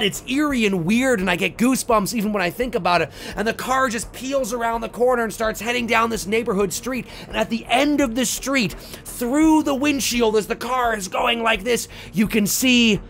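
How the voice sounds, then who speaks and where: A man hosting a video, excitedly and profanely retelling a film idea scene by scene and acting out the moments. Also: sits high, moderate pace, gravelly, slight background noise. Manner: excitable, profane, acts out scenes and sound effects. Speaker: video host pitching a film sequel idea. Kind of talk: animated casual retelling.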